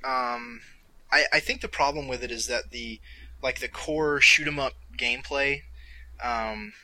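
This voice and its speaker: Male podcast co-host, very bright tone, loose rambling delivery. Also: mid-range voice, steady tone, a little slow, poor audio. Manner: rambling, self-correcting, amused. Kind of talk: casual chat.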